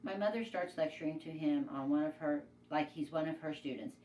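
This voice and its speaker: Low-voiced woman reading a novel aloud. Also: brisk, far from the mic. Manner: plain, steady storytelling. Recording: echoey room, away from mic, faint noise.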